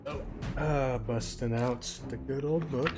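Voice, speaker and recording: A man's voice: mid-range voice, measured pace. A man running a tabletop game as game master, describing scenes in a loose, rambling way with many hesitations. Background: soft background music.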